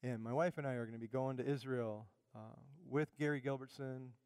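A middle-aged male pastor preaching a sermon with fervent emphasis, easing into quiet personal asides. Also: mid-range voice, fairly even intonation, a little fast, smooth, no echo, in a large hall.

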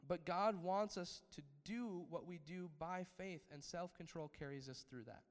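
A male pastor preaches a sermon in a fairly high voice, often asking his listeners for an amen. His delivery swells to emphatic peaks before settling back down. The sound carries a long reverb, as if recorded in a large hall. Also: normal speed.

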